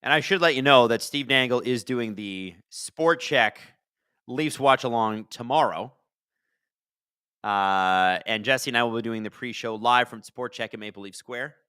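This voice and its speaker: A man hosting a live hockey watch-along, chatting and reacting loudly to plays. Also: medium pitch, a little slow, clear, resonant tone, dry recording, clean studio sound.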